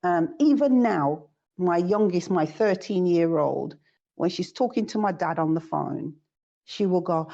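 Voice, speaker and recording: A woman's voice: fairly low pitch, expressive, unhurried, vocal fry, warm tone. A woman from the United Kingdom, a guest sharing reflective stories in casual chat. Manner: reflective, storytelling. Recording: dull lo-fi audio.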